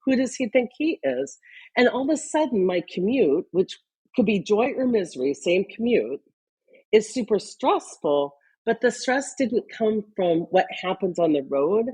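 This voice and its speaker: A woman guest on a podcast interview who talks in animated, example-driven stories. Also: mid-range voice, a little slow, slightly rough. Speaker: guest, leadership consultant.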